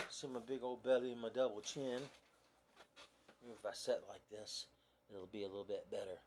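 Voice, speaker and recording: A man's voice: medium pitch, background noise. A man chatting casually on a phone live video, easygoing and rambling with lots of fillers. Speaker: vlogger. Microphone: phone camera propped nearby.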